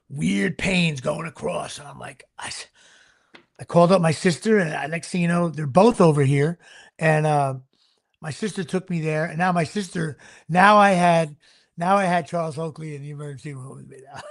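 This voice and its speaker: High-pitched gravelly man telling a rambling story. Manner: animated, rambling anecdote with frequent restarts. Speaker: podcast host. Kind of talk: casual storytelling chat.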